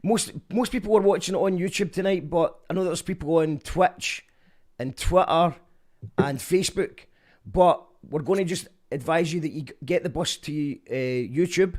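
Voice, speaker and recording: A man's voice: a little high, normal speed, darkish tone. A man hosting a live online radio show in a chatty way, reading out viewer comments.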